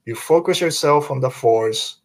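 A man's voice: medium pitch, moderate pace. A man hosting a casual fan podcast, talking earnestly and emphatically, hammering his points home by repeating them, with a loose conversational style. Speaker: podcast host.

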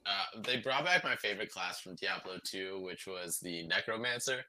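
A man on a casual sports and gaming panel, relaxed and laid-back. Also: deep voice, normal speed, low-quality recording. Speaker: co-host panelist.

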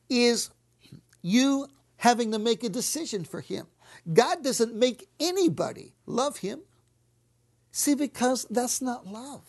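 A woman preaching a sermon, fervent, repeating words and dropping to soft whispers on key lines. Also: a little high, lively intonation, slow.

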